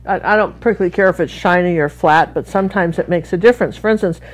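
A woman's voice: fairly low pitch, fast. Chatty American woman teaching painting. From Washington State, USA. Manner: chatty, rambling with friendly asides. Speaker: art instructor. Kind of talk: live painting tutorial.

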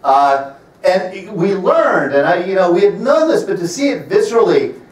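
Fifties male presenter, wry storyteller, slightly high voice, distant roomy mic. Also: very animated. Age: 50s. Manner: wry storyteller, slows to stress points. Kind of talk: storytelling public talk. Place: library event room.

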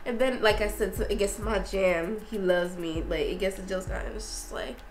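A young woman vlogging in a casual, effusive way, talking excitedly with lots of fillers and restarts. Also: medium pitch, normal speed, reverberant, slight background noise, low-quality recording. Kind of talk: casual review vlog.

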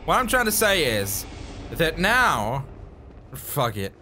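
A man's voice: on the high side, wildly swooping pitch, takes it slowly, slight background noise. A young man doing gameplay commentary while eating hot peppers, pained and coughing, swearing and groaning. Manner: swearing, yelling and groaning in pain. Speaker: gaming YouTuber.

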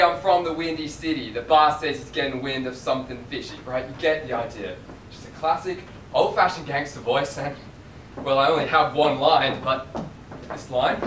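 A performer plays a fretful student who rambles on about a gangster role, in a mid-pitched voice. The sound is distant and roomy, taped in an echoey theatre. A faint noise sits underneath. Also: natural voice. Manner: anxious, rambling, self-deprecating. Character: nervous student cast as a gangster. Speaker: stage actor. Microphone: far camera in audience.

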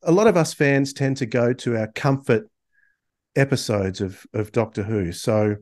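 A man hosts a casual podcast chat at a mid pitch. He keeps it friendly and loose and often backs up to restart a phrase. His delivery stays relaxed and conversational. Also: normal speed. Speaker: podcast host.

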